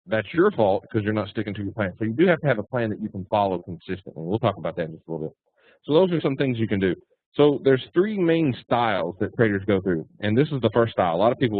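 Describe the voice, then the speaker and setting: A man's voice: fairly low pitch, dry recording. A man teaching trading in a casual webinar, folksy and blunt with punchy phrasing. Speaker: trading instructor. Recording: tinny phone-like dry line.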